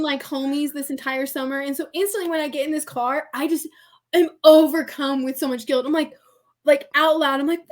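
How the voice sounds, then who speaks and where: A woman's voice: sits high, steady tone, a little fast. A young woman guest on a podcast, telling a story in casual conversation, chatty and filling her speech with "like". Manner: chatty, heavy use of "like", laughs often.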